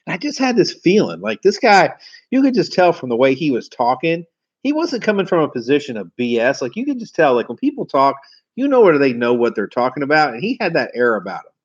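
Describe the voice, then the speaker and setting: A man, telling car sales stories in a casual, animated, slangy way. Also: fairly high pitch, a little fast, husky. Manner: animated, slangy, acts out quoted voices. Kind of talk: casual storytelling. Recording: slightly dull lo-fi audio.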